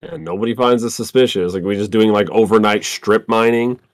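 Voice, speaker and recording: A man co-hosting a casual movie podcast, cracking jokes and shouting out references. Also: on the low side, a little fast. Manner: joking, drops quotes and reference shout-outs. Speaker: podcast co-host. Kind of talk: casual movie commentary chat.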